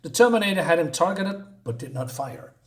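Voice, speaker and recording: A man's voice: on the high side, sing-song, a little fast. A man reading as a blunt woman soldier. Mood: suspicious. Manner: mock Russian-tinged reading.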